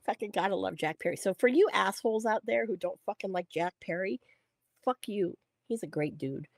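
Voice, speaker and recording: A woman tells a story on a podcast, full of swearing and acted-out quotes. Her voice sits at a middle pitch. The sound is dry and close, with no room echo. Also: fairly quick, creaky. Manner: animated, swears freely, acts out quotes. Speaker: podcast co-host. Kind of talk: casual storytelling with profanity.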